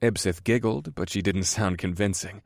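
A man narrating a first-person audiobook in a slow, measured reading. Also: low-pitched, vocal fry, no room sound, clean studio sound.

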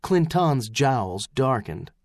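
A man narrating an audiobook with measured, expressive storytelling. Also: mid-range voice, no echo. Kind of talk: scripted narration.

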